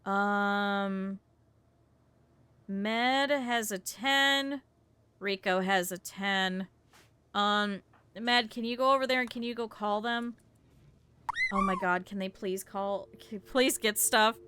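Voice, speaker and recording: A woman's voice: mid-range voice, slow pace, pauses often, bright, forceful tone, clear, resonant tone. A young woman streaming a video game, chatting casually with her viewers and swearing in exasperated bursts at the game. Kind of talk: casual gameplay commentary.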